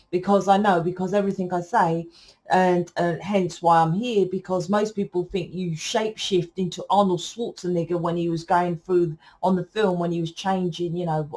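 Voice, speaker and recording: Speaking loudly to viewers, a female tarot reader with a fairly low voice rambles through a casual spiritual monologue that keeps circling back to correct itself.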